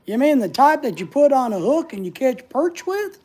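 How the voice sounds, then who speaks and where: A woman's voice: high voice, big pitch swings, moderate pace, darkish tone, breathy edge. A woman hosting a casual livestream, answering viewer comments in a playful, teasing way and laughing often. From United States. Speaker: livestream host.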